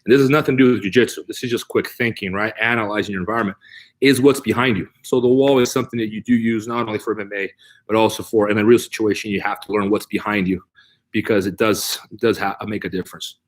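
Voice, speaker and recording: A man's voice: fairly low pitch, steady tone, fast. A middle-aged man teaching a live online martial arts class, explaining techniques step by step and checking in with "right?" as he demonstrates. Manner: explanatory, repeats key points with "right?". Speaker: jiu-jitsu instructor.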